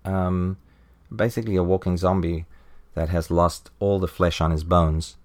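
A man hosting a podcast, casually reviewing a comic book, chuckling often and putting on high voices for quoted lines. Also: fairly even intonation, normal speed. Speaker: podcast host.

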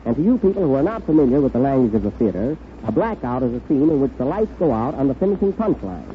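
A man's voice: medium pitch, fast talker. Wry man hosting an old radio comedy. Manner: wry, deadpan quips. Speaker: comedy show host. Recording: tinny crackly 1930s radio broadcast.

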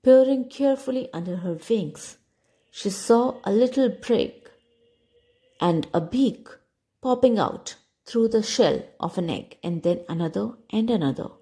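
A woman narrating a children's storybook in a gentle, expressive reading voice. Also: mid-range voice, a little slow.

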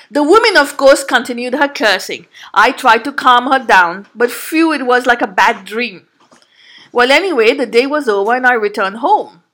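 A woman with a high voice recounts a personal story in a long monologue. She speaks earnestly and with emphasis, now and then stopping to restart a sentence. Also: animated, normal speed, fairly bright tone. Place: Canada.

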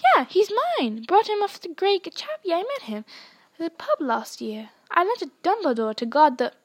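Hagrid, gruff giant read by a woman. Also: extremely high pitch, very animated, moderate pace, pitched above the performer's own voice. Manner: gruff, insistent. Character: big gruff male half-giant gamekeeper. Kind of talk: storybook read-aloud.

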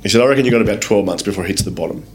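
A man with an Australian accent, a guest telling lively anecdotes in a casual interview, swearing freely and acting out other people's lines. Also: lowish voice, racing, slight background noise. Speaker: guest, business owner. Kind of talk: casual storytelling in a podcast interview.

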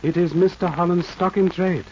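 Charlie Chan, a man doing a clipped, calm detective. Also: sits high, lightly acted. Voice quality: clipped broken-English phrasing, formal and measured. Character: shrewd aphorism-quoting Chinese detective, calm. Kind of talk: 1940s radio acting. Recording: muffled old radio recording, faint hiss.

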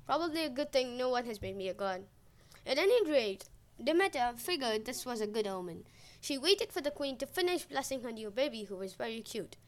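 A woman's voice: fairly high pitch, very animated, fairly quick. A woman retelling a myth in a casual, chatty way with joking asides. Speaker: podcast storyteller.

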